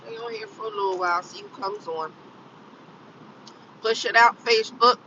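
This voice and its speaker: A woman's voice: on the high side, moderate pace, recorded from a distance, highs cut off, noisy background. A tired woman in her fifties, live-streaming from her car on the way to work and chatting casually as she repeats her phrases over and over. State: tired and yawning. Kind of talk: casual live-stream chat while driving. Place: inside a car on the road.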